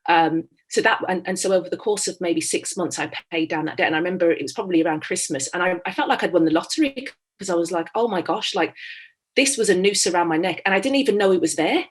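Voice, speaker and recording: A woman's voice: fairly low pitch, fast, husky. A woman telling her money story as an interview guest, candid and fond of quoting dialogue. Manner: candid, tells stories with quoted dialogue. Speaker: guest, founder of a finance company. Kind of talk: conversational interview.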